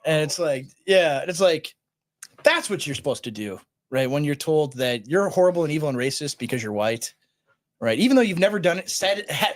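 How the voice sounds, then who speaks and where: A male podcast host in casual political chat, animated and constantly tagging his points with "right?". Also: on the high side. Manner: animated, keeps asking "right?".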